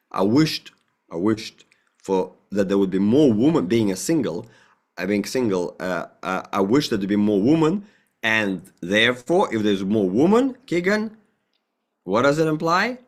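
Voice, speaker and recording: A man talking as an interview guest about spirituality. He rambles and restarts, swears casually, and acts out little dialogues in a raised voice. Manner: rambling and emphatic, with frequent profanity; acts out dialogue with a jumpy, higher voice. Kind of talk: conversational interview, spiritual talk.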